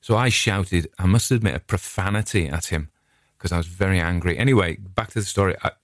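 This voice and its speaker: A middle-aged man from England hosts his own podcast, chatting casually in a digressive, friendly, rambling way as a storyteller. His voice is low and fairly quick, captured in a dry, studio-quality recording.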